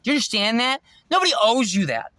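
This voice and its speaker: Intense preachy male vlogger, high and very animated delivery. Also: fast talker, no echo. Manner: intense, preachy, swears freely. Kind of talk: rambling spiritual monologue.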